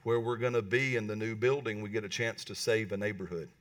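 A man preaching a lively sermon in church, often asking the congregation "right?" and pausing for answers. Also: on the low side, recorded from a distance. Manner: animated, talks to the congregation with calls like "right?". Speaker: pastor. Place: church hall.

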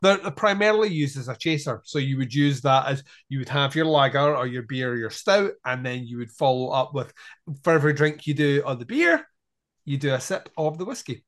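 A man's voice: medium pitch, expressive, brisk, fairly bright tone. A man guesting on a podcast, chatting enthusiastically and explaining things at length. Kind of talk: casual chat.

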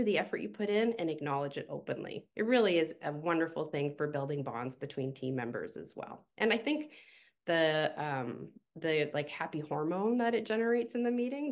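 Low, gravelly-voiced woman coach. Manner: animated storyteller with fillers. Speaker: podcast guest, team coach. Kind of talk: conversational podcast interview.

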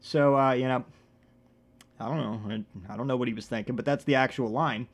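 A male podcast host rambling through a comedic monologue. He swears freely and delivers absurd jokes deadpan, in a voice of ordinary pitch. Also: fairly quick.

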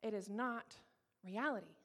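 A woman's voice: mid-range voice, unhurried, a bit bright. A woman in her thirties from Colorado, giving a candid, emphatic personal testimony to an audience and repeating her key phrases. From Colorado, USA. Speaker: speaker sharing her testimony.

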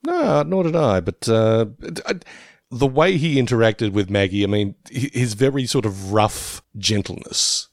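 A man's voice: on the low side, lively intonation, normal speed, no room sound, clean studio sound. A man co-hosting a podcast in casual chat, joking dryly and stumbling into restarts as he talks. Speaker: podcast co-host.

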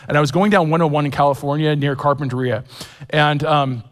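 Chatty pastor in a reverberant hall. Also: male voice, a little high, fairly even intonation, a little fast. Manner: chatty, self-deprecating humor with many fillers and restarts. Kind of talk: sermon with personal storytelling.

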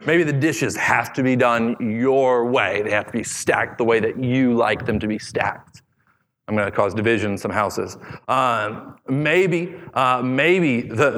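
A male pastor in his thirties preaching in a loose, joking, conversational way, his voice at an ordinary middle pitch. The words ring out with a long reverb across a large church auditorium. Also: fairly bright tone. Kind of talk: sermon.

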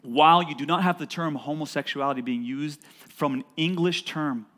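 A man preaching a sermon as a pastor in a church, emphatic and building to loud peaks, with joking asides to the congregation. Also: fairly high pitch, normal speed.

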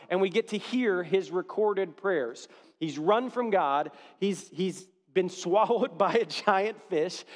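A man with a notably high voice preaches a sermon, chatty and lively, often asking his listeners if they are with him. His voice rings out with a long reverb of a large hall. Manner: conversational, animated, asks the audience questions. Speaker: pastor.

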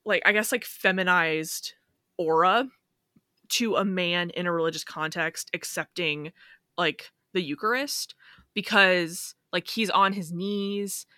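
Woman co-host, low-ish and bright, musing aloud, dry mic. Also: no echo. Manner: thinking aloud, halting, animated. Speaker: podcast co-host. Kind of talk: casual film discussion.

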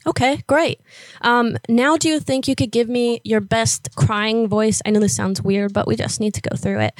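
A woman's voice: a little high, steady tone, moderate pace, no echo. Woman, interviewer, casual, filler-heavy, dry close sound. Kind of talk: phone interview.

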